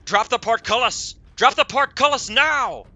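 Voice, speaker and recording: A man's voice: very high-pitched, lively intonation, measured pace, bright, forceful tone, dry recording, voice pushed up, exaggerated voice. A man voicing a male battery commander who barks urgent orders at his soldiers. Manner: barking orders.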